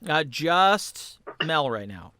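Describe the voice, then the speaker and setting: A man narrating as game master of a tabletop game in an easygoing, measured way. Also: on the high side, very animated, pushed and bright, no echo.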